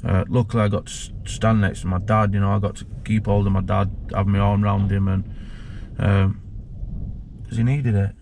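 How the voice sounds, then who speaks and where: Low-voiced man telling his story. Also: little pitch movement, gravelly, a little mellow, slight background noise. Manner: halting, emotional, many fillers and restarts. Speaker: guest, former prisoner. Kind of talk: candid personal storytelling.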